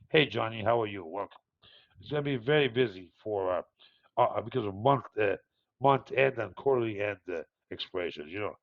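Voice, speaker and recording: A man's voice: lowish voice, lo-fi sound. A man hosting a market review, talking in a rambling, digressive way with many fillers and restarts. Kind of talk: rambling live market commentary.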